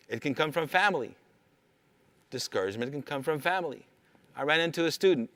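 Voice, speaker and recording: A man's voice: fairly high pitch, animated, fairly quick, pauses often, a bit bright, no echo. A man giving a motivational talk to teenagers, emphatic and repetitive, telling stories from his work with students.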